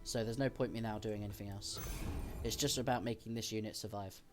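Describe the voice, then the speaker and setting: A man's voice: on the low side, steady tone, brisk, music in the background. A man streaming a card game, explaining each decision as he thinks aloud. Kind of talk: casual gameplay commentary.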